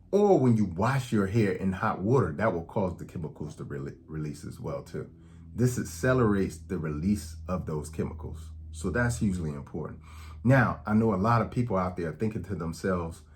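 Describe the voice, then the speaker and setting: A man with a low-pitched, darkish voice talks to camera as a health educator, explaining things conversationally and often checking in with "okay?". He acts out quoted dialogue when telling anecdotes.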